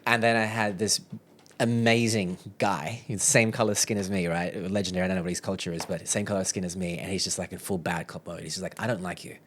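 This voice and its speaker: A man with an Australian accent and a lowish voice talks as a podcast guest. He tells a story in a loose, candid way, quoting his own thoughts back with "I'm like" and slipping in a laugh now and then. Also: steady tone, fast, slight background noise.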